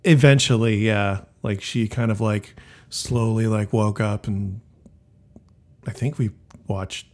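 A man in casual chat, relaxed and hesitant, full of "like" and "uh". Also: lowish voice, slow.

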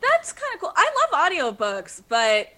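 Podcast co-host, female, high bright voice, blunt and teasing. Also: wildly swooping pitch, normal speed. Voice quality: voice others call annoying. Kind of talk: casual chat.

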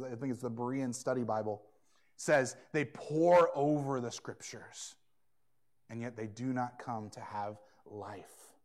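A man in his thirties preaching a sermon, earnest, moving between hushed asides and emphatic points. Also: mid-range voice. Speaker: pastor.

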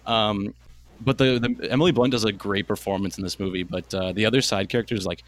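A man's voice: fairly low pitch, steady tone, a little fast. A young man from Canada, a podcast co-host, giving a rambling, casual movie review with many fillers and restarts.

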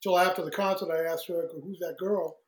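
A man telling lively stories as a guest in a casual interview, acting out what people said and laughing often. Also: high-pitched, fast talker, roomy sound, poor audio. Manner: animated storyteller who acts out quoted voices, laughs often. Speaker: guest, singer.

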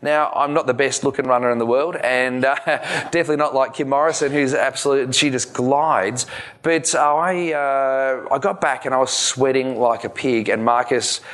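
A man's voice: medium pitch, steady tone, moderate pace, a bit bright. Man, public speaker, casual storytelling, fillers, restarts. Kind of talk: live talk to an audience.

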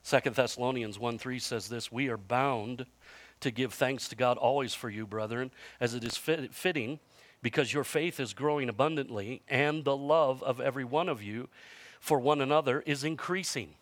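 A man's voice: mid-range voice, normal speed, fairly bright tone, no room sound. A man in his fifties preaching a sermon in a conversational storytelling way, with self-mocking humor and frequent restarts. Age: 50s. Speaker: pastor.

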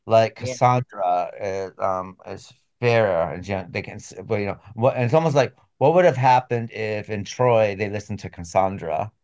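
A man hosting a book podcast, reading a plot synopsis and then discussing the book in loose, halting speech. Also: fairly low pitch, a little mellow. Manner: hesitant, restarts often when talking freely. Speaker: podcast host.

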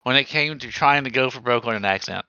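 A man's voice: mid-range voice, fast talker, sharp tone, clear, resonant tone, no echo. A man co-hosting a podcast in casual chat, joking, mocking himself and giving advice. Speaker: podcast co-host. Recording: slightly dull lo-fi sound.

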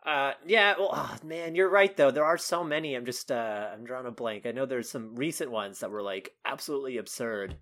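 A man's voice: medium pitch, fairly quick, hardly any pauses, a bit bright. A man co-hosting a podcast in casual, jokey chat, laughing often. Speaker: podcast co-host.

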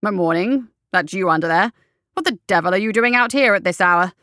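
A woman voicing a brisk, stern male guard captain who demands answers. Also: medium pitch, pushed and bright, clean tone, dry recording, studio quality, close to an everyday voice.

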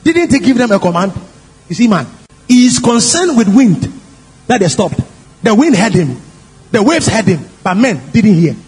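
A male preacher with a very high voice and a lively, swooping delivery. He stresses his points and keeps asking the congregation questions. A long hall echo trails each phrase, with faint music underneath. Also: moderate pace, husky. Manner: animated and emphatic, asks the congregation questions. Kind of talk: sermon.

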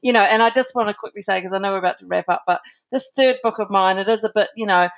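Speaking fast at a medium pitch, this woman is an author guesting on a podcast. The interview is relaxed, and she spins her stories with lively enthusiasm.

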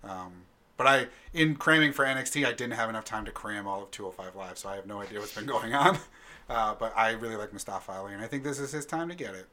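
Casual podcast co-host, male, bright tone, wry and teasing. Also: on the low side, animated, fast talker. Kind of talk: casual chat.

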